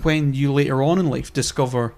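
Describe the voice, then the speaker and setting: A man's voice: medium pitch, steady tone, fairly quick, gravelly, darkish tone. A young man co-hosting a podcast, ranting animatedly with lots of swearing and stammered restarts. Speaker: podcast co-host. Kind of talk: casual profane chat.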